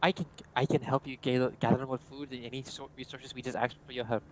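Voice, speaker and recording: A man's voice: mid-range voice, little pitch movement, fast, a little hiss or hum, low-quality recording. A man playing his character in a tabletop game, earnest and pleading. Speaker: player.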